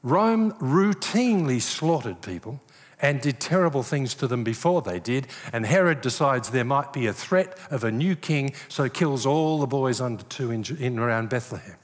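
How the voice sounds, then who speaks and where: A man's voice: mid-range voice, moderate pace. An older man preaching a sermon, telling stories and acting out the voices he quotes. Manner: animated storyteller, acts out quoted voices. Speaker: pastor. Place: church hall. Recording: long reverb of a large hall.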